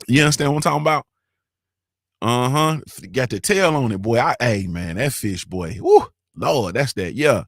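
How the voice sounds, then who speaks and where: A man's voice: medium pitch, expressive, normal speed, dry recording, studio quality. A man hosting a morning show, talking in loose slang with swearing and laughter, often checking in with his listeners. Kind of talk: casual live-stream chat.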